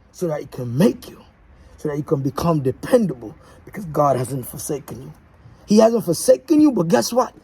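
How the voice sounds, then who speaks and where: A man's voice: sits high, warm tone, breathy edge. A man delivering a preachy, repetitive, rallying motivational message as the host of his show. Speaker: motivational speaker.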